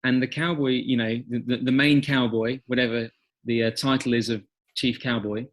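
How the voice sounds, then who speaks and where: A middle-aged man with an English accent, a guest on an interview podcast, telling stories with animated acted-out quotes. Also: mid-range voice, moderate pace. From England. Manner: animated storyteller, acts out quotes. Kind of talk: conversational interview.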